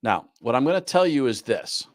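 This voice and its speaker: A man's voice: mid-range voice, big pitch swings, normal speed, dry recording, clean studio sound. A man teaching a live online class on goal planning, repeating his key points and often asking "right?". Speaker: business coach.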